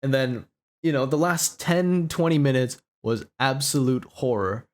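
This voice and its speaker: A man's voice: medium pitch, measured pace. A young man co-hosting a podcast, telling a long story in a rambling, profane way full of "you know" and "right?". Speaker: podcast co-host. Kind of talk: casual storytelling chat.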